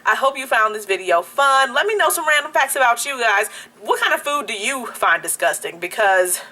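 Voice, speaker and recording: A young woman vlogger telling a story-time anecdote in a casual, animated way, laughing often. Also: a little high, normal speed. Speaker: beauty YouTuber.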